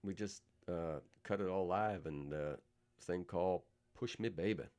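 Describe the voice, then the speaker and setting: Deep-voiced man telling rambling stories. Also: measured pace, a little mellow. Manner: loose, rambling anecdotes with many fillers. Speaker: guest musician. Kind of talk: radio interview storytelling.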